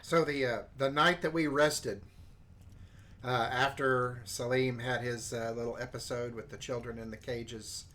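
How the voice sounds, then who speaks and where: A man playing a tabletop game, talking haltingly with many fillers. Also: mid-range voice, steady tone, fairly bright tone. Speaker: player.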